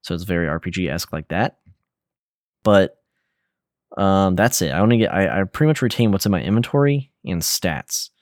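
Young male podcast co-host, very low voice, relaxed rambling delivery, dry room. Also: normal speed, no echo. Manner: relaxed, rambling, lots of fillers and slang. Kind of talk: casual gaming podcast chat.

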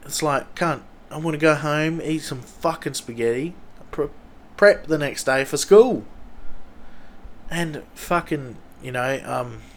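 A young man with an Australian accent hosting a podcast, telling rambling stories full of swearing and loudly acted-out quotes. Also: fairly high pitch, slow pace. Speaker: podcast host. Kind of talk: casual storytelling.

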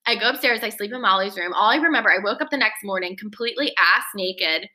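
A woman's voice: medium pitch, animated, fast, sharp tone. A woman in her twenties, a podcast co-host, animatedly retelling a frantic story and acting out the quotes. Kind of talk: casual storytelling chat.

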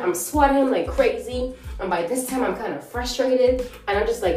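A woman's voice: a little high, expressive, fairly quick, darkish tone, roomy sound, distant mic, faint music behind. A woman hosting a devotional podcast, talking in a casual, emphatic and conversational way.

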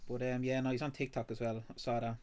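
Fast, sweary Irish man. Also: mid-range voice, flat delivery, very noisy. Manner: blunt and sweary, mocking. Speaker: podcast co-host. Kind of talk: casual chat.

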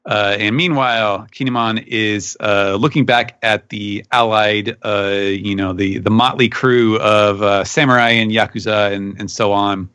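Bright-toned man recapping a comic. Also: steady tone, unhurried, few pauses, smooth, no room sound. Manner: retells scenes, briefly pitching up to act out quoted lines. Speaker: podcast panelist. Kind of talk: casual manga recap chat.

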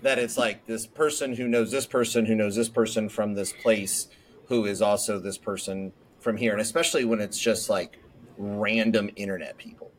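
A man's voice: lowish voice, steady tone, normal speed, slight background noise. Laughing, joking man host. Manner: laughs often, mimics voices jokingly, swears casually. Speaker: podcast host. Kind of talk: casual chat.

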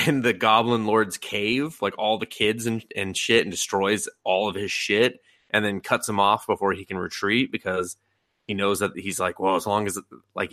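A man co-hosting a podcast, recapping a show in loose, profane chat and jumping into quick voices for the characters. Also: on the low side, a bit bright, no room sound, clean studio sound. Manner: profane, rambling, acts out quotes in sudden voices. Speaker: podcast co-host. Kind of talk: casual anime recap chat.

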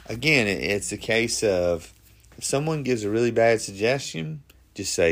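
A man's voice: medium pitch, animated, normal speed, creaky, fairly bright tone. A man hosting a faith-based talk on grief, speaking earnestly and conversationally, often restarting his sentences. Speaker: podcast host.

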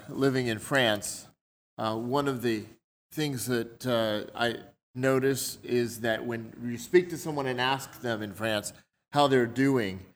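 A man preaching a sermon in a conversational way, explaining his points through everyday examples. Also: medium pitch.

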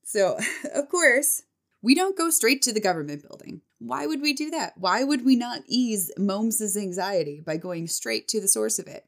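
A woman telling a story to camera in a casual, animated, self-mocking way, rambling with restarts. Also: fairly high pitch, moderate pace, creaky, hardly any pauses. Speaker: vlogger.

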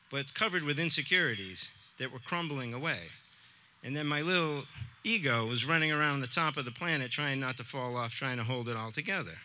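A man's voice: mid-range voice, sharp tone, slight background noise. A man, a teacher, telling a personal story to a live audience in an earnest, conversational way. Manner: earnest, conversational, with quoted dialogue.

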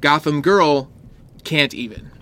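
A man's voice: fairly high pitch, lively intonation, slow pace, fairly bright tone. A man co-hosting a casual comic book podcast, enthusiastic and filling his talk with "like" and "uh" as he describes details. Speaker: podcast co-host.

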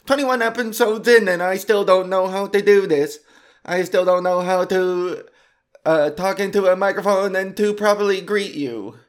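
A man hosting his own podcast, chatting alone in a rambling, impulsive and self-mocking way, trying out goofy names. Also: sits high. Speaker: podcast host. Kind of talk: casual solo podcast chat.

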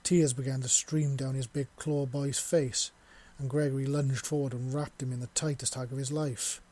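A man narrating a written story in an audio reading with a steady, even delivery and a husky voice. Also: mid-range voice, moderate pace.

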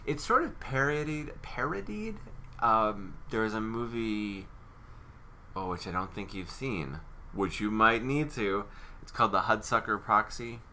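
A man's voice: fairly low pitch, a little slow, pushed and bright, a little hiss or hum. A man co-hosting a casual movie chat, wry and playful, often breaking into laughter. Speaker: podcast co-host.

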